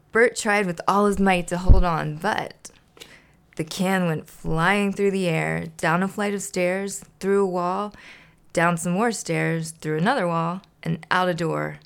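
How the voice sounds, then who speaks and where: Low, gravelly-voiced woman podcaster. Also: takes it slowly. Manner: laughs often, chatty, relaxed. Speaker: podcast host. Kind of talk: casual chat and storybook reading.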